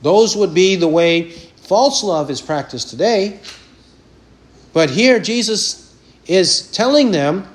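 A man preaching an expository sermon, emphatic and deliberate, firing rhetorical questions at his listeners. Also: sits high.

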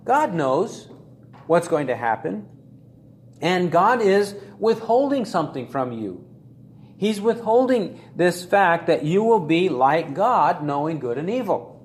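A man preaching an expository sermon, deliberate and emphatic, repeating key phrases for stress. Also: a little high. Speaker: pastor. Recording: echoey room with faint ambient noise.

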